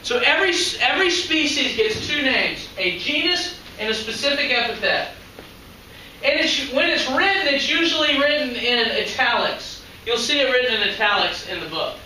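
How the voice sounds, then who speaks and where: A man lectures a class in a chatty way, stopping often to ask the students questions. His voice sits high and sounds very bright. He is picked up from across a very echoey classroom, with faint room noise behind him. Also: animated, moderate pace, recorded from a distance. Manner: conversational, asks the class questions. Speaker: high school biology teacher.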